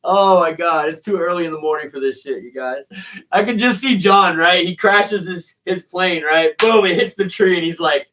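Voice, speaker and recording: A man's voice: sits high, moderate pace, sharp tone. Laid-back man, distant dull recording. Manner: laid-back slangy talk, "bro" and "man". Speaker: RC plane hobbyist host. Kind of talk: casual chat, replying to viewers.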